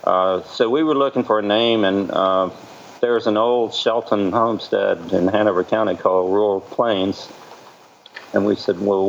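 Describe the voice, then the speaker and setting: A middle-aged man with a Southern American accent, a cider maker talking in a relaxed, rambling way as a guest on a video call. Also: fairly low pitch, gravelly. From Virginia, USA. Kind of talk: casual interview over video call. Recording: dull call audio with faint noise.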